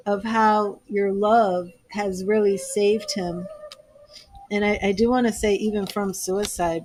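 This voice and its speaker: A woman's voice: mid-range voice, a little mellow, slight background noise. Earnest woman reading tarot cards. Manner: earnest, gushing, emotional. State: teary-eyed. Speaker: tarot reader.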